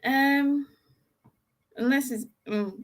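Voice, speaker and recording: A woman's voice: high voice, very slow. A woman on a casual panel chat, hesitant and joking. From Scotland.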